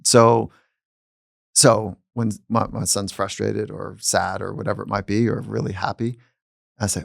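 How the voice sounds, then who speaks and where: A man who is a psychologist and podcast host, talking in a calm, reflective way in casual conversation. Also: on the low side, unhurried, gravelly, dry recording, clean studio sound. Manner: calm and reflective, speaking at length.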